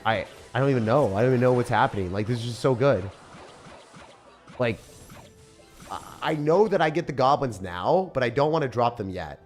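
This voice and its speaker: A young man giving casual, excitable gameplay commentary, often breaking into disbelief and calling the listener dude or bro. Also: medium pitch, fairly quick, pauses often, soft background music. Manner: excitable, frequent disbelief outbursts, calls viewers dude and bro. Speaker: gaming creator.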